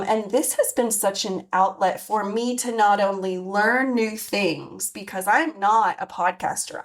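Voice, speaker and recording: A woman in her forties hosting a podcast, talking candidly and reflectively with many fillers and restarts. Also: mid-range voice. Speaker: podcast host. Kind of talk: personal monologue.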